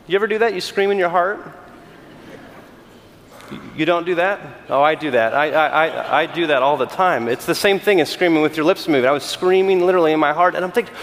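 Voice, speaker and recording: A middle-aged man from California, a senior pastor giving a conversational sermon with animated, self-deprecating storytelling and frequent restarts. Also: a little high, a little fast, big-room sound.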